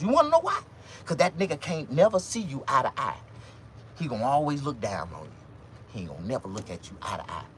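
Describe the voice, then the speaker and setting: Animated man doing stand-up comedy. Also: slight background noise. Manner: animated, swings pitch high for quoted women.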